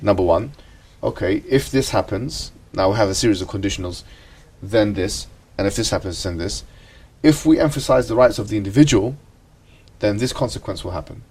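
A man leads an ethics lesson in a classroom with a somewhat low voice. He talks in questions, repeats himself and checks in with the students as he goes. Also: lively intonation, a little fast, a little mellow, slightly rough, far from the mic. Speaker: teacher.

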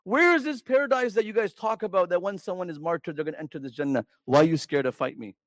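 A preacher voicing a proud grown warrior who shouts challenges at the enemy ranks and mocks them for hiding. The voice sits fairly high, and the sound is close and dry with no room around it. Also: male voice, fast, no room sound. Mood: taunting. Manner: taunting, challenging. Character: boastful grown male warrior taunting foes.

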